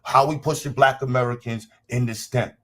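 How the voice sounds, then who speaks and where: A man's voice: mid-range voice, fairly even intonation, moderate pace. Blunt, profane man hosting a livestream. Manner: repeats himself for emphasis. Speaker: livestream host. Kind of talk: casual livestream talk to chat.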